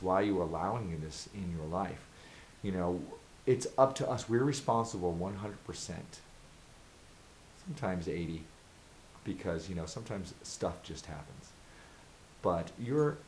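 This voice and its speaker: A man's voice: sits low, slight background noise, poor audio. A man vlogging advice straight to camera, earnest and emphatic, driving his points home with repeated rhetorical questions. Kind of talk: direct-to-camera advice monologue.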